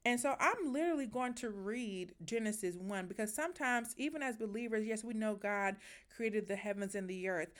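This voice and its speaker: A woman hosting a faith podcast, talking in an emphatic, heartfelt, preacherly way and sounding emotional as she encourages listeners. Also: fairly high pitch. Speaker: podcast host.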